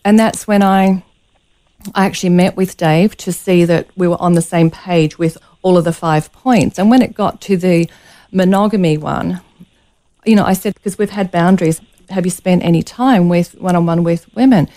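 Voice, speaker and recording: A woman's voice: lowish voice, normal speed, warm tone. A woman telling a painful personal story as a radio interview guest, earnest and close to tears. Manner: earnest, emotional, near tears.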